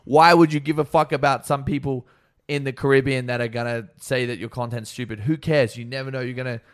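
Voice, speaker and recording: A man's voice: mid-range voice, steady tone, brisk. A young man on a podcast, telling crude stories with brash energy and acting out quotes. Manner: brash storytelling, acts out quotes. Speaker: podcast co-host. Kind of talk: crude casual chat.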